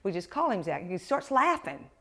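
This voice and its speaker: A woman's voice: medium pitch, very animated, normal speed, a bit bright. A woman teaching communication skills to camera, telling a story and acting out both sides of the conversations.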